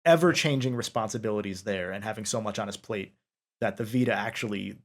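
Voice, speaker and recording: Man, interview host, casual and rambling, fairly low voice. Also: quick pace. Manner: rambling, many fillers and restarts.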